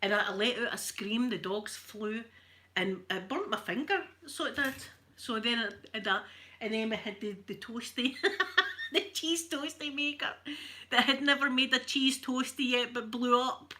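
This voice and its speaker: A woman's voice: on the high side, normal speed, bright, forceful tone. A Scottish woman hosting her channel, telling rambling stories in casual chat and laughing often. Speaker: channel host.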